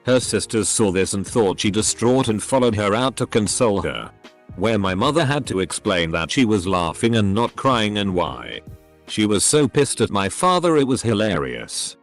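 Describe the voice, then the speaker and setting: Male narrator reading stories, low voice, animated pitch, soft music bed. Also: normal speed. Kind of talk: scripted story narration.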